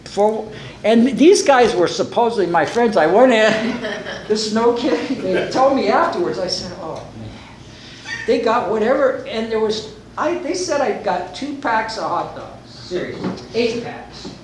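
An older man sharing his recovery story at a meeting, animated and acting out the voices of people in it. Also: sits high, a little slow, roomy sound, a little hiss or hum, low-quality recording.

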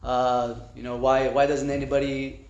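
A man giving personal testimony at a recovery meeting, halting and repeating words with conversational fillers. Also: medium pitch, little pitch movement. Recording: echoey room.

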